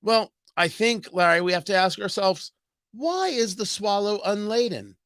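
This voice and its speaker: A man impersonating a pious male TV news host who muses slowly and hums before he answers. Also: sits high, lively intonation, fairly bright tone, no echo, clean studio sound. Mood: smug musing. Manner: slow, musing, drawn-out "hmm". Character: pious, pondering male cable news host, slow hmm-ing.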